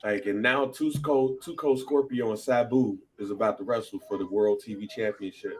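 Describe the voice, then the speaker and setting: A man, co-hosting a casual podcast, talking excitedly with frequent laughs and high, animated bursts. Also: normal speed. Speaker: podcast co-host.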